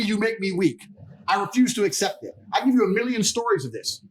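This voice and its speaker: Man, interview guest, high-pitched, very animated delivery, profane, boastful storytelling. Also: fast. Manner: animated, laughs mid-story. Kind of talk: casual storytelling in a podcast interview.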